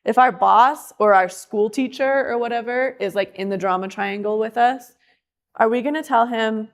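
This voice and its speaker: A woman leads a class in a relaxed, conversational way. She talks in a chatty manner and brings quotes to life with lively emphasis. Her voice has a slight gravelly edge. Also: fairly high pitch, moderate pace. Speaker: class instructor. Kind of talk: casual classroom teaching.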